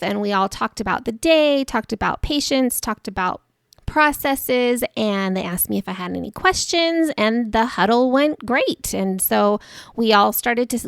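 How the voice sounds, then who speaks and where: Woman host, chatty self-deprecating storyteller, gravelly edges, close and dry. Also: a little high, no room sound. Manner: chatty and warm-humored, laughs at herself. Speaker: podcast host. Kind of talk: personal storytelling monologue.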